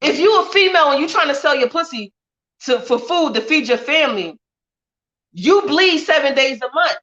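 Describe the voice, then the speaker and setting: A woman's voice: sits high, lively intonation, moderate pace, pushed and bright, muffled recording. A woman talking bluntly and heatedly in a profane livestream rant. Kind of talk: ranting livestream monologue.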